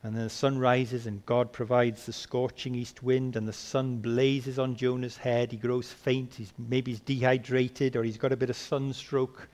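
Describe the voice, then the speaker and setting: A man preaching a sermon, asking rhetorical questions and swinging between soft and emphatic delivery. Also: medium pitch, little pitch movement, normal speed, few pauses.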